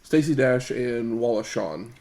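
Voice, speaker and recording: A man chats on a podcast in a dry, matter-of-fact way. His voice is dark and mellow. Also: medium pitch, animated, unhurried. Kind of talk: casual chat.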